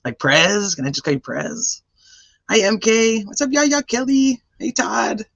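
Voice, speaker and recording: A man hosting a true-crime livestream and chatting casually with viewers as he greets them by name. His voice is roughened by a cold. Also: high voice, unhurried, dry recording. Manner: chatty and animated, rattling off greetings. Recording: dry, slightly dull lo-fi sound.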